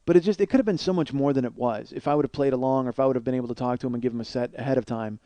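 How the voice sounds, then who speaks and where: A man's voice: medium pitch, racing, dark tone, no room sound. A man telling a rambling, profane, self-deprecating comedic story as a podcast host.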